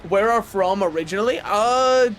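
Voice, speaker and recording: A young American man chatting casually while streaming a game, rambling and correcting himself with sudden excited outbursts. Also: high-pitched, normal speed. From United States. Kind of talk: casual gaming livestream chat.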